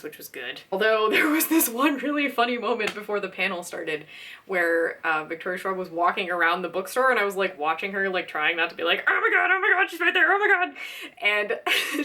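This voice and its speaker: A woman book vlogger chatting casually to camera, giggly and gushing with fan excitement. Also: mid-range voice.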